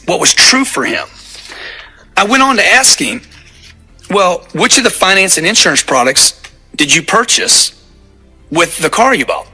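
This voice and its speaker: A man's voice: high voice, pushed and bright, husky. A man narrating his own sales book as a motivational audiobook, emphatic and punchy, driving his points home by repeating them.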